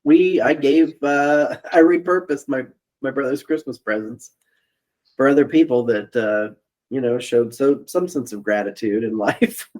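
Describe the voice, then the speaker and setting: A man's voice: medium pitch, unhurried, darkish tone. A man co-hosting a podcast over a remote call, telling a family story in casual chat and laughing often. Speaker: podcast co-host. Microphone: remote call mic.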